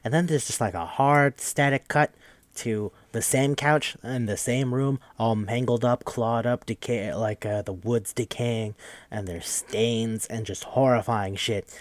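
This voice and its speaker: Man, podcast host, casual chat, rambling and swearing, mid pitch, dry sound. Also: a little slow, no room sound. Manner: rambling, profane, joking.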